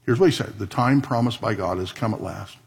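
A man preaching a sermon in a strongly husky, raspy voice. He reads scripture aloud, then breaks into conversational comments and dry asides, and keeps it plain and direct with the congregation. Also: on the low side, fairly quick. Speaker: pastor.

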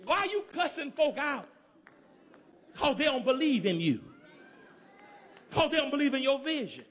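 High-voiced Southern preacher man, shouting. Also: very animated, normal speed, in a large hall, some chatter behind. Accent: Southern US, Georgia. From Georgia, US. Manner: rhythmic call-and-response preaching, building to shouts; talks directly to the congregation. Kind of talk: sermon.

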